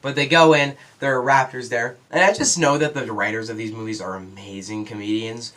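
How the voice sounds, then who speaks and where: A teenage boy giving a casual spoiler review of a movie, rambling with lots of fillers and quick asides. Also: medium pitch, fairly even intonation, fairly bright tone. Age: teens.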